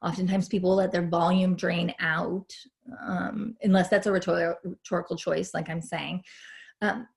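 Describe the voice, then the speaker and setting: A woman's voice: fairly low pitch, steady tone, normal speed, vocal fry. A woman teaching an online lecture in a chatty, hesitant way with many fillers.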